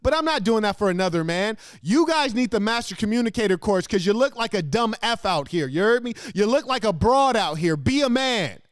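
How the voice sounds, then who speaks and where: A man with a high, lively voice mocks the clips he reacts to, brash and crude, firing off insults. His voice is close and dry, with no room sound at all. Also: brisk, few pauses, no echo. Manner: brash, mocking, crude insults with sudden laughs. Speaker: host. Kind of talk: profane reaction commentary on video clips. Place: studio.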